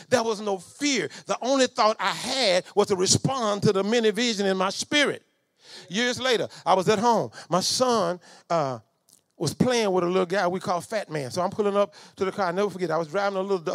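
High gravelly preacher, dry sound. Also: male voice, no room sound. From Southern United States. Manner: animated, swings from low asides to shouted commands. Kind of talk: storytelling sermon.

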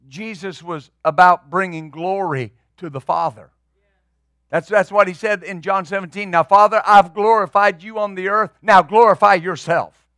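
A man's voice: sits high, a bit bright, dry recording, studio quality. A man preaching as pastor, emphatic and building in bursts, often repeating words as he drives a point home. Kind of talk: sermon.

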